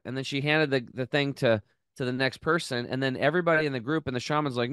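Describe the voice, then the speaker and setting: A man hosting a health podcast, earnestly telling an emotional story in a close, animated way with many restarts. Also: mid-range voice, fast, clean tone, dry recording. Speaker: podcast host.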